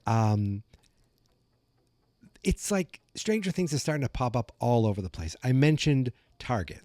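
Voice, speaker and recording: Calm American male podcast host, low-key warm tone, rambling chatty delivery. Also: no room sound, studio quality. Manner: calm, rambling, self-correcting. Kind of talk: casual chat.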